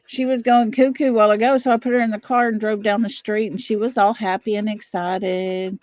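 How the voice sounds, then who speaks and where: A woman in her fifties hosting a casual livestream from her home, chatting with viewers and breaking off to calm her dog. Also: mid-range voice, fairly quick, no room sound. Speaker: livestream host. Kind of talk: casual live chat with viewers. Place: home, indoors.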